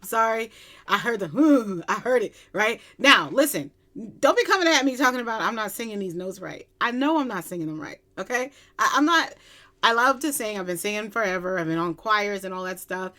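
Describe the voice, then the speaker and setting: An excitable woman from Long Island, gushing casually in a music reaction video. Her voice is bright and forward, and she breaks into giddy squeals as she talks into her computer mic at home. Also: mid-range voice, brisk. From Long Island, New York. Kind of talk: casual chat.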